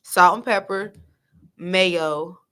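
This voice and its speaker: A woman co-hosting a casual chat show, chatty and quick to restart her sentences. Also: fairly low pitch, clear, resonant tone. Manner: animated, chatty, restarts a lot. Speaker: podcast co-host.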